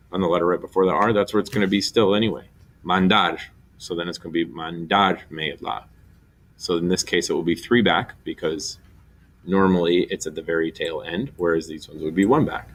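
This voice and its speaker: In this recorded lesson on Spanish grammar, a man with a low voice walks through the material step by step, sounding out syllables slowly.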